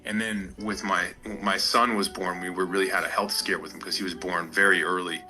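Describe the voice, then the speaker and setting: A man giving an earnest, halting personal faith testimony. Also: deep voice, fairly even intonation, bright, forceful tone, low-quality recording.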